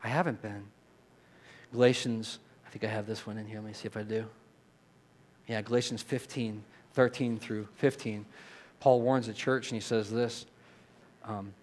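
An earnest man preaching a sermon from the pulpit, his voice sitting at an ordinary middle pitch. He drops to a quiet, reflective tone, then builds to loud, emphatic repeated phrases, and leads the congregation in saying lines back to him. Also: steady tone, normal speed. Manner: leads the congregation in call-and-response. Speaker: pastor.

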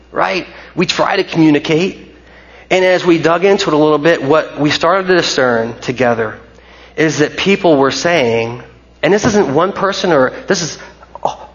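A man's voice: fairly high pitch, animated, moderate pace, highs cut off. A male pastor giving a conversational sermon in a church, chatty and full of restarts and asides. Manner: conversational, rambling with restarts and fillers. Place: church sanctuary.

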